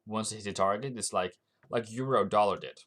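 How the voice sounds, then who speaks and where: A man's voice: on the low side, a little fast, a bit bright. A man with a Norwegian accent giving rambling live-stream market commentary, thinking aloud with frequent restarts. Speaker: forex trading streamer.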